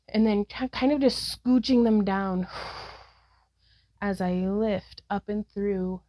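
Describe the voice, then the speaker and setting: Breathy upbeat woman guiding yoga. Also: mid-range voice, warm tone, no room sound, poor audio. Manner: breathy, sighing between cues; upbeat, self-encouraging. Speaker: yoga vlogger. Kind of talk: guided yoga practice narration.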